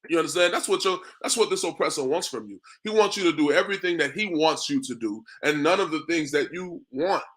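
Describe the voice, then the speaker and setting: A man gives a street sermon in a bright, slightly high voice. His talk is loose and repetitive, full of "man" and "bro". He keeps checking in with his listeners. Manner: repetitive, asks "you understand me?" often; conversational, drops in "man" and "bro". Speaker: street preacher.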